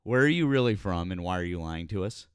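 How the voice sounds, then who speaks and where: A man's voice: sits low, animated, brisk, smooth, dry recording, studio quality. A man hosting a live call-in politics show, questioning callers bluntly and needling them. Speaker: host.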